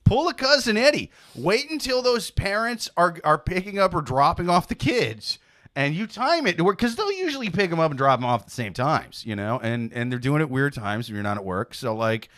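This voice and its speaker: A man's voice: fairly high pitch, very animated, brisk, a bit bright, no echo, studio quality. A man, a comedian guest, joking crudely in casual podcast banter.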